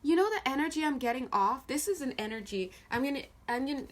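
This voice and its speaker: A woman's voice: high voice, animated, fast talker, slight background noise. A woman giving a casual tarot reading at a table, her intonation swinging a lot as she talks bluntly and swears freely. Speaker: tarot card reader. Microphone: camera filming the cards on a table.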